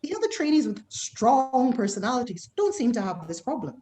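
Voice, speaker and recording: A woman's voice: a little high, sing-song, brisk, dark tone. A middle-aged woman from the West Indies with a West Indian accent, speaking candidly as an interview guest and acting out other people's remarks in quoted voices. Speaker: guest physician.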